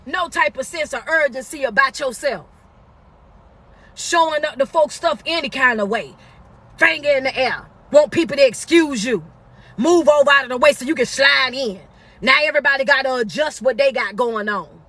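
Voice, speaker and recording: Bright, high-voiced woman preaching motivation. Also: moderate pace. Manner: repetitive, emphatic, preachy refrains; blunt, scolding, informal. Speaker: motivational speaker. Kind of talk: motivational talk.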